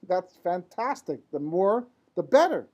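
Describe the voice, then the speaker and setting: Teaching a live Torah class, this man speaks in a high-pitched, darkish voice with big pitch swings and a measured pace, captured in lo-fi sound. His informal lecture blends Hebrew words into English, and he asks rhetorical questions and frequently says "right?" to check on his listeners.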